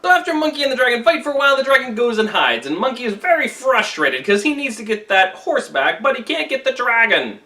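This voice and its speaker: Animated man retelling a classic tale. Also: extremely high pitch, fast talker, few pauses, recorded from a distance. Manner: animated, wry, conversational. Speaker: literature teacher. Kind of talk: casual storytelling lesson.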